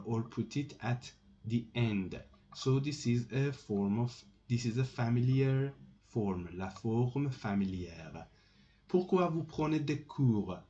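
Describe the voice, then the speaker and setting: Guy going thru grammar examples real slow, mellow kinda dark voice, repeats stuff. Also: mid-range voice. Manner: patient, repeats each example slowly. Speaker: French teacher. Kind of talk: slow spoken grammar lesson. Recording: slightly dull lo-fi recording.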